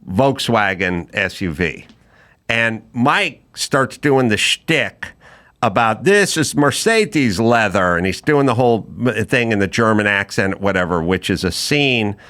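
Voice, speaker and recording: A man's voice: on the low side, fairly bright tone. A man hosting a podcast, telling a story in casual chat and acting out the quoted dialogue in big voices. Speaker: podcast host.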